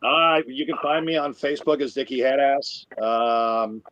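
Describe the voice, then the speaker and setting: A man telling a crude, rambling stand-up story, getting loud when he acts himself out. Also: medium pitch, measured pace, highs cut off, a little hiss or hum. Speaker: comedian. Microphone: video call.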